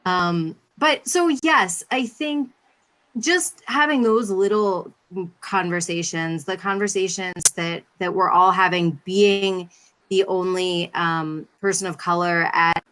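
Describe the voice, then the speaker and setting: Woman, bright voice, frank storyteller, video call panel. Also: on the low side, slow. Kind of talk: casual panel discussion.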